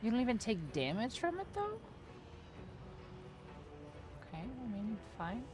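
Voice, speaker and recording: A woman's voice: on the high side, huge pitch swings, unhurried, over music. A woman casually chatting while playing a video game with a friend, dry and self-mocking. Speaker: co-host streaming a game. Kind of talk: casual gameplay chat.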